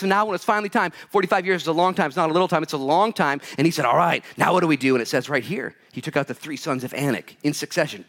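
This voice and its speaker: A man preaching a sermon as pastor to a live audience, swinging between loud urgent bursts and hushed quiet lines. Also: high-pitched.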